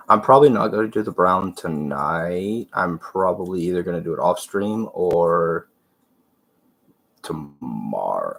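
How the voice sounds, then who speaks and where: Man, congested, low voice, husky, rambling stream chat while painting. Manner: rambling, trailing off and muttering while working. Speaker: livestream host. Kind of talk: casual commentary while painting miniatures.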